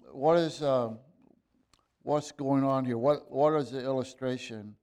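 Slow, emphatic preacher man. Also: medium pitch, steady tone, a little mellow, smooth. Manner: slow, halting delivery with frequent fillers and restarts, rising to emphatic bursts; reads scripture in old-fashioned wording. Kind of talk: sermon.

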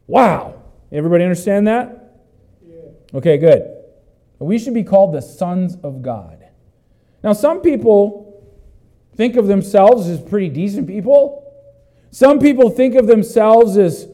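A man preaching a sermon as pastor, walking through a Bible passage and breaking into loud exclamations. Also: high voice, animated, a little slow.

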